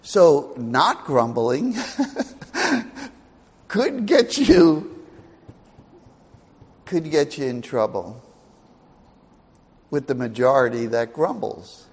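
A man's voice: mid-range voice, big pitch swings, extremely slow, pauses often, slightly rough, big-room sound. A man preaching a Bible-teaching sermon in a chatty, self-deprecating way, laughing often.

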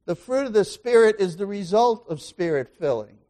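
A man preaching a sermon as pastor, asking the congregation questions and swinging between loud exclamations and quiet asides. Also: sits high, animated, moderate pace.

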